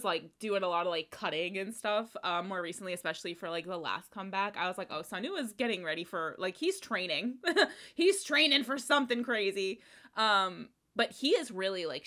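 Wearing headphones as she records, a young woman reacts to a video in a gushing, hyper way, cursing and shrieking through her commentary. Her voice is medium in pitch with a fairly bright tone.

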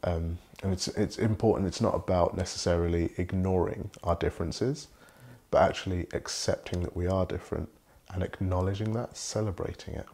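A young British man with a very deep voice and a gravelly edge. He speaks in a measured, thoughtful and polished way, and there is a husky grain running under it. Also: fairly even intonation, mellow. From Britain. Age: young adult. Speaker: guest. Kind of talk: reflective conversation.

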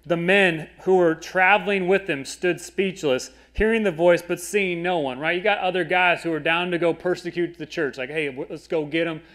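A man's voice: a little high, a bit bright. A young adult man preaching a conversational sermon and reading scripture aloud. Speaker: pastor. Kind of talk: sermon, Bible teaching.

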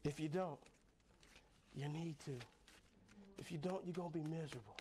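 High-voiced playful male preacher. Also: fairly even intonation, normal speed, mellow, a little hiss or hum. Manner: playful, call-and-response, laughing often. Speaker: pastor. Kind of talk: sermon. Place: church sanctuary.

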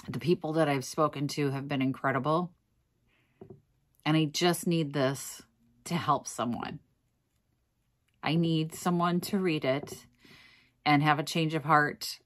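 A woman vlogger talking earnestly and wearily to camera, exhausted and close to tears at times. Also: deep voice. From Minnesota, USA. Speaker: thrift reseller vlogger. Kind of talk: casual emotional talk to camera.

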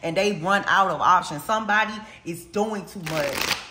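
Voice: medium pitch, moderate pace, noisy background. A tarot reader giving a casual spiritual reading, talking bluntly with lots of slang and cursing and repeating points for emphasis. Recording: roomy echo.

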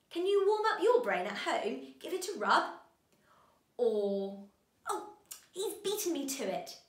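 A woman teaching a children's phonics lesson, giving bright, sing-song encouragement to young learners. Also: fairly high pitch, reverberant.

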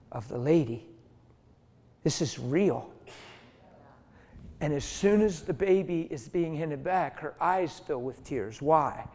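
A man's voice: medium pitch, darkish tone. A man preaching, emphatic and conversational as he tells a story from the pulpit. His voice sits in the middle range for a man. A long reverb hangs on each phrase, as in a church hall. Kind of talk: sermon storytelling.

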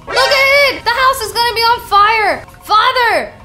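A young woman hosting a gaming channel, giving excitable, exclamatory commentary and often giggling. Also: extremely high pitch, moderate pace, over music.

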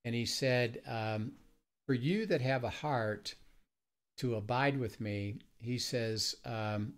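A man hosting a conversational Bible teaching, talking with many pauses and fillers. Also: mid-range voice. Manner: halting, many fillers and restarts. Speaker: ministry host.

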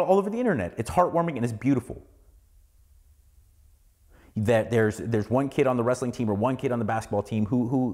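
A man's voice: mid-range voice, darkish tone. A man in his forties hosting a solo podcast, ranting heatedly with lots of swearing and repeated words. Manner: heated, profane, repeats words when worked up. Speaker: podcast host.

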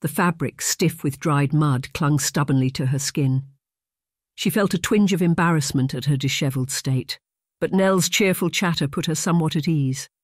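An audiobook narrator reading a romance novel in an even, measured scripted style. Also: mid-range voice, no echo, studio quality.

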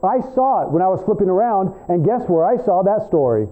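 A male professor lecturing a class in an animated, rambling way, trading remarks with students, in a tinny, phone-like recording. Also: high-pitched, brisk. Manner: animated, rambling, talks back and forth with students.

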